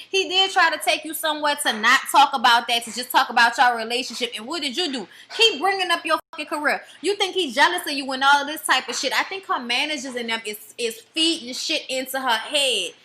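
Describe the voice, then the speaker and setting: Woman reviewer, high bright voice, blunt and foul-mouthed, casual. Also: fairly quick, few pauses. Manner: blunt, profane, sassy. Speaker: reality TV reviewer.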